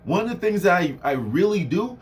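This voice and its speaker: Briskly and in a high voice, a young man gives a casual motivational talk, animated and conversational with lots of fillers. He swings his voice up and down for effect.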